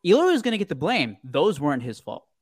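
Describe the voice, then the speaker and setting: A podcast co-host in casual sports chat, lively, acting out what players might say. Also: fast talker, husky. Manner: animated, acts out players with high put-on voices.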